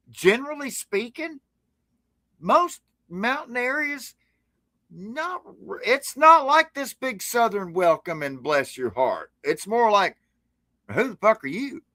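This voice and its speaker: Forceful man. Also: sits high, sing-song, takes it slowly, no room sound. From Appalachia. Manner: impassioned, sardonic ranting. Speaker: podcast guest. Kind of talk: casual conversation. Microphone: remote streaming call.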